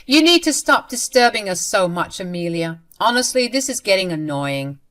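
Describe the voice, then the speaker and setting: A dismissive, scolding middle-aged mother, read by a woman narrator in a storybook drama. Her tone is irritated and entitled, with the voice lifting higher and louder than the plain narration. It stays within the reader's own fairly low range. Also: measured pace. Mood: annoyed.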